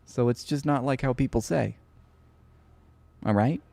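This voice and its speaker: A man's voice: medium pitch, measured pace, vocal fry, darkish tone, dry recording. A man hosting a live reaction stream, talking in a sarcastic, profane and rambling way.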